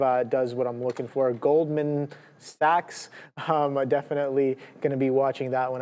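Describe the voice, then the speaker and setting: A man co-hosting a live trading show rambles through upcoming earnings names, listing tickers with many fillers as he gives market commentary. His voice is medium in pitch with a dark tone.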